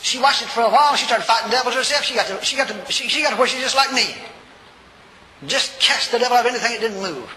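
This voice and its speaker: An older man preaching a sermon, telling a story in a folksy, animated way and acting out the voices. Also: very high voice, quick pace. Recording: reverberant hall, faint noise.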